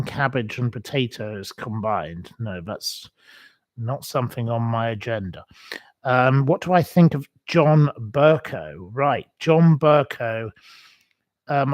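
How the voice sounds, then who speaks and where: A man's voice: mid-range voice, no room sound. A man hosting a livestream, answering viewer questions in blunt, opinionated casual chat with lots of ums.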